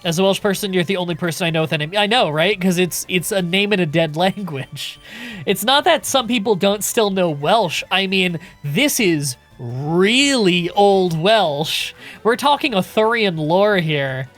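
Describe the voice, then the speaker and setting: A man's voice: high voice, moderate pace, soft background music. Laid-back man chatting on a game stream. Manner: relaxed and chatty, swears casually, answers chat questions. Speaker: streamer playing a game and reading chat. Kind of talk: casual live-stream chat.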